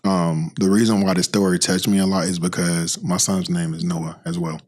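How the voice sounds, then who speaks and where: Deep-voiced middle-aged male host. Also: normal speed. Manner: sympathetic, relaxed storyteller. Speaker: podcast host. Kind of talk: conversational interview.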